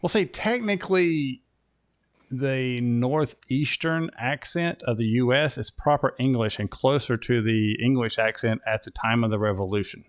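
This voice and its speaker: A man's voice: mid-range voice, moderate pace, no room sound. An American man hosting a motorcycle podcast, chatting casually and rambling with frequent restarts and fillers. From United States. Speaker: podcast host. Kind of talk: casual chat.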